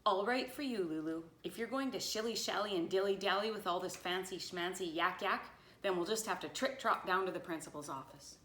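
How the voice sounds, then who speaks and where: A woman's voice: fairly low pitch, a little fast, fairly bright tone, slight background noise, lightly acted. A woman voicing a strict, flustered schoolteacher in a storybook, scolding and fussy. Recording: roomy echo.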